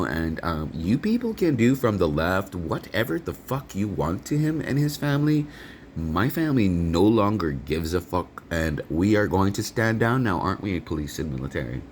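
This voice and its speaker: A man with a very low voice rambles through an outdoor vlog monologue. He rants angrily, swearing often. Faint background noise sits under his voice. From Canada. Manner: angry, profane ranting. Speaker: vlogger.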